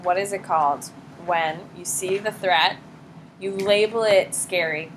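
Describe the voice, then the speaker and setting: A woman teaching a high school psychology class, blunt and lively, acting out examples in quoted voices. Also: measured pace, background noise. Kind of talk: classroom lecture.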